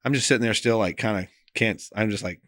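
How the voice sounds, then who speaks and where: A man, a pastor, telling a personal story in an interview in an earnest, emotional way, often trailing off soft and quiet, with loose phrasing and many fillers. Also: fairly low pitch, quick pace, no room sound, studio quality.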